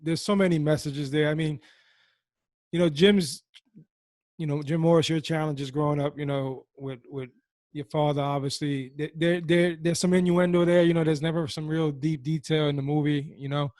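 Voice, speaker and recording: A man's voice: fairly high pitch, steady tone, normal speed, darkish tone, no room sound. A man hosting a podcast, asking long, rambling questions full of restarts. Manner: rambling, many fillers and restarts. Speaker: podcast host. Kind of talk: interview questions.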